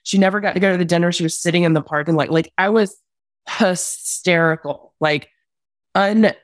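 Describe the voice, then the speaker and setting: A young adult woman talks through a painful memory as a podcast guest, candid and rambling, leaning on "like" as she goes. Her voice sits somewhat low. The sound is dry and close. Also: moderate pace, no room sound. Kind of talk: emotional personal account.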